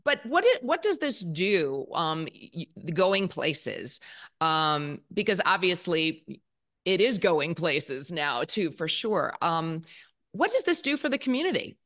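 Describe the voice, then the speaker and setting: A woman's voice: on the low side, big pitch swings, takes it slowly, a bit bright. A woman podcast host asking curious, chatty questions, with frequent ums and restarts. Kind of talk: casual interview questions.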